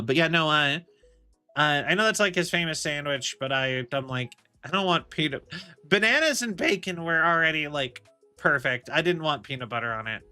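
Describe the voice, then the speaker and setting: Bright-voiced chatty male streamer. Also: on the high side, expressive, moderate pace, clean tone, soft background music. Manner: rambling, chatty, laughs often, many restarts. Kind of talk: casual chat while gaming.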